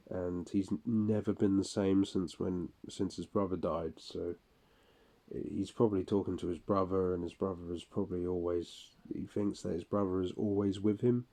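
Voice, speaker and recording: A man's voice: deep voice, mellow. A man speaking a casual monologue for his audio log, rambling, profane and weary.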